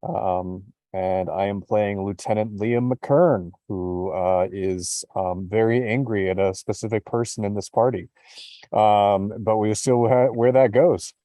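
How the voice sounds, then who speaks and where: A man's voice: lowish voice, fairly even intonation, measured pace, dark tone, no echo. A man player introducing himself in a dry, mock-solemn way. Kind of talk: casual introduction.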